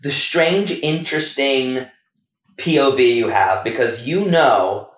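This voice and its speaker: A man's voice: medium pitch, takes it slowly. A man hosting a podcast, chatting casually in a playful, teasing way. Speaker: podcast host. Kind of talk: casual chat. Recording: roomy echo.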